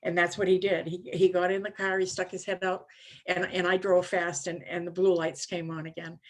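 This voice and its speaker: A woman's voice: lowish voice, flat delivery, normal speed. A woman in her seventies from Maine telling her recovery story at a conference, rambling and self-mocking, with frequent "you know"s. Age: 70s. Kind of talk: personal recovery story talk.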